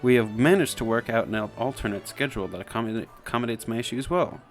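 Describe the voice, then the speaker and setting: A man's voice: medium pitch, quick pace, faint music behind, lightly acted. A man voicing a frail, genteel young woman student, speaking in a prim, formal, overly polite way. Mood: earnest.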